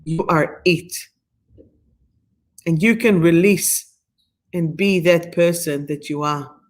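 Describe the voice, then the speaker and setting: On a live stream she is guest-hosting, a middle-aged Israeli woman leads a meditation and reads oracle cards. Her voice sits on the low side and moves at a slow pace, soothing and affirming with slightly phrasing.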